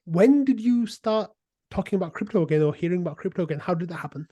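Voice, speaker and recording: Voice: medium pitch, lively intonation, quick pace, warm tone, dry recording. A podcast host in casual interview chat, eager and chatty with lots of "like".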